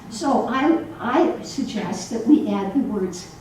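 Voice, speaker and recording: A woman minister giving a sermon to a congregation in a church hall, animated and acting out the voices she quotes. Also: mid-range voice, slow, a little hiss or hum. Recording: echoey hall, voice from far off.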